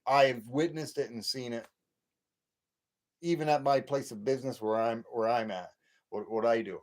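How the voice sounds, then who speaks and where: A man's voice: mid-range voice, fairly even intonation, moderate pace, long pauses. A man in his late fifties hosting a late-night livestream, ranting and rambling with many repeats and restarts. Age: 50s. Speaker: livestream host.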